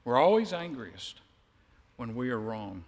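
A man preaching a sermon, telling a story with lively asides and acting out the quotes. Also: mid-range voice, unhurried, big-room sound.

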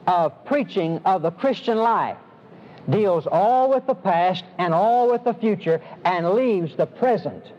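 A man preaching a sermon, emphatic, slowing down and stressing his key phrases. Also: high voice. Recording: dull lo-fi sermon recording with faint hiss.

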